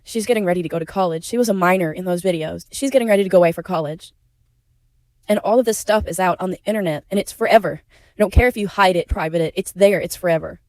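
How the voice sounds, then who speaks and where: A YouTube commentary creator with a fairly low, darkish voice speaks quickly on a dry recording. She gives blunt, indignant opinions and is outspoken about being a victim herself, swearing when upset. She's emotional and sometimes close to tears.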